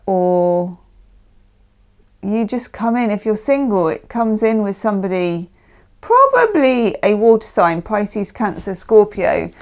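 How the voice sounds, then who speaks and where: A chatty woman reads tarot cards in a casual monologue. Her voice sits at an ordinary pitch. She talks emphatically and keeps checking in with the listener. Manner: chatty, emphatic, often adds "okay?". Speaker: tarot reader.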